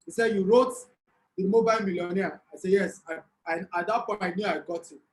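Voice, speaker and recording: Lively Nigerian man telling a story. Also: high voice, brisk, low-quality recording. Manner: lively storyteller who asks the audience to type replies. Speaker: speaker at an online business summit. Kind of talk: motivational talk with a story.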